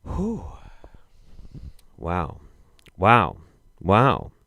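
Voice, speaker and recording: A young man hosting a comedic video roundup, reacting with profane, exasperated commentary that swings between low mutters and loud outbursts. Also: huge pitch swings, very slow. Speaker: show host.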